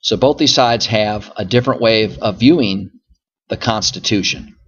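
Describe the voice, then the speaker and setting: A man's voice: on the low side, normal speed, fairly bright tone, husky, lo-fi sound. A male history teacher lecturing through slides, explaining patiently and often circling back with "so again" and "okay?". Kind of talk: recorded classroom lecture over slides.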